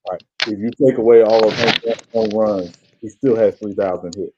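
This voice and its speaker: A man co-hosting a sports podcast, explaining baseball in a measured, casual way. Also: lowish voice, steady tone, darkish tone, muffled recording, a little hiss or hum. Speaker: podcast co-host.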